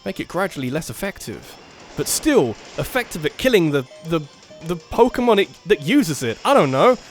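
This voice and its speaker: Excitable man narrating his gameplay. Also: a little high, normal speed, faint music behind. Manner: excitable, jumps between muttered strategy and loud bursts, laughs often. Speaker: let's play gamer. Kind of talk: casual game commentary.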